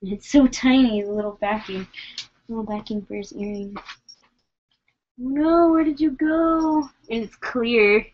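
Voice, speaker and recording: A woman's voice: fairly high pitch, a little slow, highs cut off. A woman vlogger chatting casually about her dolls as she works on them, rambling with plenty of fillers. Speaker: doll collector vlogger. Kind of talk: casual chat while working.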